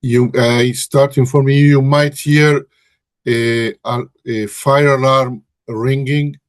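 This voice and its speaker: A man's voice: medium pitch, fairly even intonation, slow pace, no room sound. A man hosting a research webinar, speaking hesitantly and often correcting himself. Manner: hesitant, frequent restarts and self-corrections. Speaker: webinar host and research director. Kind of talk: presenting a webinar. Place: office in Brussels.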